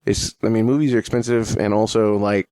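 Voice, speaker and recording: A man's voice: lowish voice, steady tone, a little fast, a little mellow, clean tone, no room sound. Laid-back man in casual podcast chat. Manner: laid-back, profane, joking. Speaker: podcast co-host.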